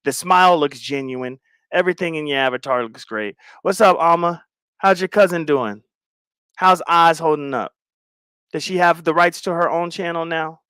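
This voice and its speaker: A man's voice: fairly high pitch, moderate pace, clean tone, no echo. Slangy man hosting a livestream chat. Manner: loose slangy banter, shout-outs to viewers. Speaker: livestream host greeting chat.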